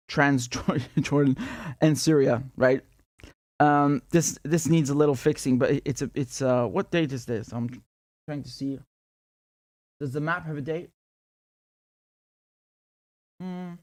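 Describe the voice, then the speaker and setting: A political commentator with a mid-range voice gives a casual, rambling explainer, walking through a map with many fillers and self-corrections and chuckling now and then. The audio is studio quality with no room sound.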